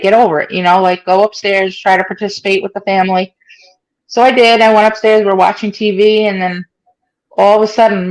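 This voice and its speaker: In a rough recording, a woman in her forties with a mid-range voice recounts her experience as a stroke survivor during an interview. She speaks conversationally, uses lots of fillers, and acts out what other people said to her.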